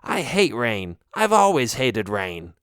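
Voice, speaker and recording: A man voicing a group of squeaky, excitable bats with shrill, impatient voices in a storybook. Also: slow, clear, resonant tone, dry recording, studio quality. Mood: whiny.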